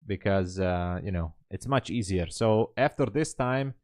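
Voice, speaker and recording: A man with a low voice hosts a day-trading livestream, reasoning aloud while trading, welcoming chat viewers and laughing often. His delivery is easygoing and stop-start, packed with fillers. The recording is clean studio sound with no room noise.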